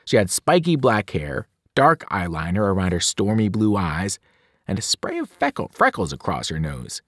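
A man, a teacher, reading a novel aloud in an expressive, dramatic way, sometimes dropping to a whisper. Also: low-pitched, normal speed, no echo, studio quality. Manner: dramatic, with whispered and shouted voices. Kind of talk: expressive read-aloud narration.

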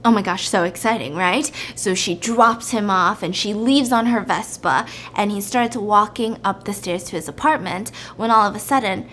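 A woman hosting a casual storytime, retelling a plot in a chatty, animated way with lots of filler words. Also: mid-range voice, normal speed, few pauses, slight background noise. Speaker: storytelling host.

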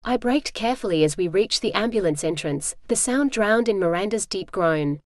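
A woman giving brisk, clear scripted first-person narration for an audiobook. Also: mid-range voice, lively intonation, no echo, studio quality.

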